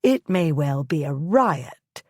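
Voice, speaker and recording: A woman's voice: low voice, sing-song, slow, no echo, clean studio sound, heavily acted. A woman voicing a stern, worried older aunt who scolds in alarm. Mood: scolding.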